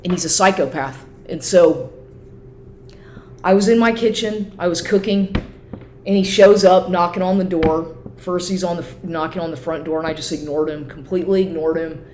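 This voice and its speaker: A woman vlogger in an upset, profane rant, talking fast and repeating herself. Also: fairly low pitch, a little mellow. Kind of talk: agitated personal rant to camera. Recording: echoey room with faint noise.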